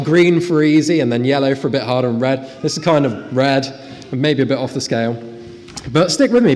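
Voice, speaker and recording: Brief: male preacher, lively and animated, slightly high voice, church hall with long reverb. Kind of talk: sermon.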